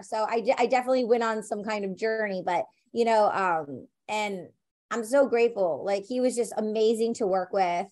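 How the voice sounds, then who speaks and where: A woman actor in an interview, chatting casually and telling lively stories full of "like" and "you know". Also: medium pitch, moderate pace. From United States. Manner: animated storyteller, many fillers like "like" and "you know".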